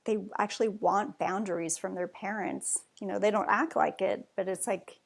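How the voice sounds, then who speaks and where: Chatty woman with a gravelly edge. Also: medium pitch, fairly even intonation, moderate pace. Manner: chatty, rambling with many fillers. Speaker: podcast guest. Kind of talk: casual conversation.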